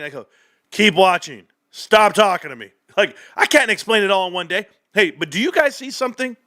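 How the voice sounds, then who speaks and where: A middle-aged man hosting a livestream about the stock market, animated and joking as he talks straight to his viewers. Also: on the high side. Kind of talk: casual livestream rant.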